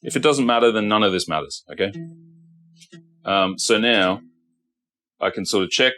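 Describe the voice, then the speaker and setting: A man's voice: lowish voice, normal speed, a bit bright. A man, a guitar technician, giving a blunt workshop tutorial and often checking in with "okay". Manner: blunt, repeats himself, says okay often.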